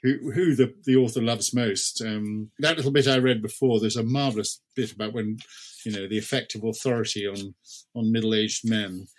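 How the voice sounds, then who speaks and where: A man's voice: fairly low pitch, fairly even intonation, moderate pace. A man guesting on a book discussion podcast, musing thoughtfully about the author.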